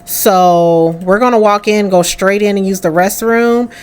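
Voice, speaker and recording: Unhurried and a bit mellow, with a clean tone in the mid range, a young woman provides casual gameplay commentary on a life-sim game. As the let's play host, she talks to her character along the way.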